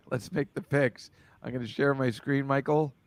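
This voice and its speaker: A man's voice: mid-range voice, a little hiss or hum. A man hosting a casual football picks chat over a video call, rambling loosely and laughing often. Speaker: host.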